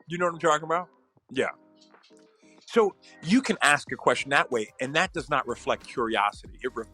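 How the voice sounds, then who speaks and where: A man's voice: a little high, bright, forceful tone, slightly rough. A man, a psychologist hosting a podcast, giving casual relationship advice and acting out what partners might say to each other.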